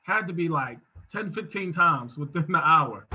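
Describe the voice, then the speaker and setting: A man giving a motivational talk over a video call from his home office, speaking in an emphatic, preacherly style that swells into shouts. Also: fairly high pitch, animated, moderate pace, husky, lo-fi sound. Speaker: guest speaker.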